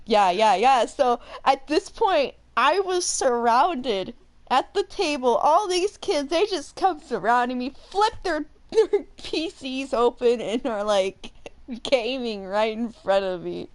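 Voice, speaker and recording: Young woman, gaming host, spins a chatty, animated anecdote mid-game. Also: sits high, slow pace. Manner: animated, rambling, full of fillers and laughter. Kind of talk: casual storytelling while playing a game.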